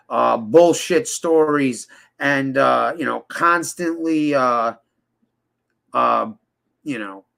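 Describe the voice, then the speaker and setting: The voice is a little high, a bit bright, with vocal fry, belonging to a man in an informal interview. His speech is rambling, heated, and profane, packed with fillers and restarts, and he puts on voices to mimic people he quotes.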